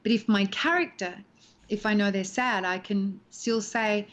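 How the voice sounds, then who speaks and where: Expressive older woman explaining acting. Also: medium pitch, unhurried. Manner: expressive, acts out lines as she explains. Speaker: actress and guest. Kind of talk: animated interview talk. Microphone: video call from home.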